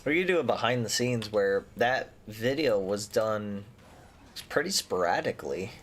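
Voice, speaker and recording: A man's voice: on the low side, lively intonation, measured pace. A man co-hosting a game stream, chatting in an easygoing way with dry jokes. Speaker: gaming streamer co-host. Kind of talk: casual chat while playing a game.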